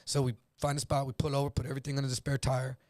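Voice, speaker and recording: A man telling a story in casual chat, animated, acting out voices and swearing freely. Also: medium pitch, rapid-fire, no echo, clean studio sound. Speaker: guest.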